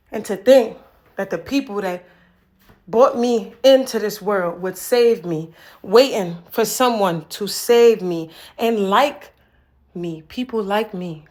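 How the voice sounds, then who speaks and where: A woman performing an improvised spoken word poem, raw and accusing, swinging between hushed lines and forceful ones and repeating words like refrains. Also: mid-range voice.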